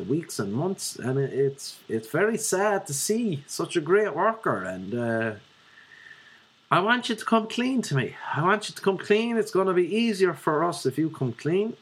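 A smooth-talking Dublin phone company manager, as an Irishman puts him on for a prank call story. He is pitched well above a normal speaking voice and sounds falsely friendly, coaxing and patronising. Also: fairly bright tone.

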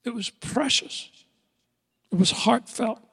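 An older man preaching a sermon as pastor, dramatic, stretching words out and swinging from loud declarations to hushed asides. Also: very high voice, slow, gravelly, breathy edge. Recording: long echoing hall reverb.

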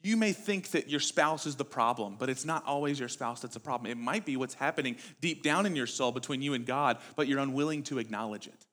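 A man's voice: mid-range voice, fairly quick, hardly any pauses, a bit bright. A young adult man preaching a sermon in a church, talking conversationally and asking the congregation rhetorical questions. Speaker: pastor.

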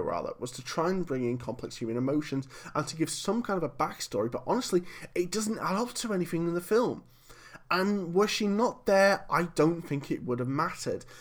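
A man hosting a solo podcast, giving an opinionated, conversational film review full of rhetorical questions. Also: fairly high pitch. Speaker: podcast host.

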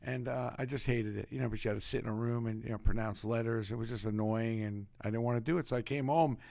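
A man with a Brooklyn accent, a podcast guest telling stories from his life in an animated, emphatic way. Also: mid-range voice, fast talker, creaky, no echo. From Brooklyn, New York. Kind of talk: casual storytelling.

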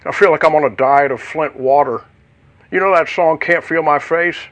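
A man's voice: a little high, moderate pace, a bit bright, lightly acted. A man putting on a Southern drawl to play an aging, self-mocking male football star in a joke voicemail. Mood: joking. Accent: Southern US, put on. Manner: rambling, self-mocking, folksy.

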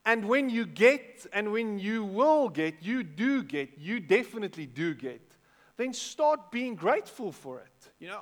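A middle-aged man with a South African accent preaches in a loose, conversational sermon, often repeating himself. His voice sits somewhat high for a man. The sound rings out with a long reverb, as in a hall. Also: normal speed. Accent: South African English. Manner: conversational, repeats words, animated bursts. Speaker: pastor.

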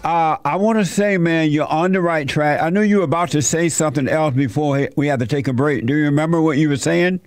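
A man's voice: on the high side, fast, hardly any pauses, dry recording. A man hosting a call-in show, affirming his caller with enthusiasm. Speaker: radio show host.

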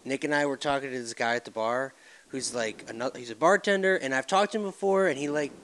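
Animated male podcast host. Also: mid-range voice, quick pace, slight background noise. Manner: animated storyteller, acts out quotes. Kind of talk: casual chat.

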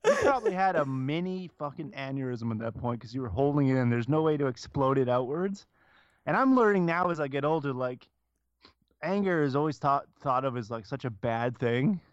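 Animated, swearing podcast guy. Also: mid-range voice, a little fast, clean tone, dry recording, lo-fi sound. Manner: profane, laughs often, animated storytelling. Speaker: podcast co-host. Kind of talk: casual chat.

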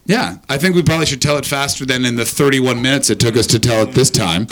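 A man's voice: mid-range voice, fast talker, a bit bright. A man hosting a live comedy podcast, joking crudely and teasing the audience. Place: live show venue with an audience.

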